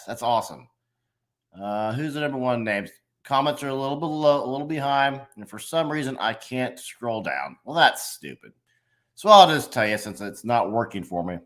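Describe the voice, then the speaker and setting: A man's voice: medium pitch, a bit bright. A man hosting a casual live-stream chat, talking to viewers and reading their comments aloud with plenty of fillers. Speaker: host of a live stream show.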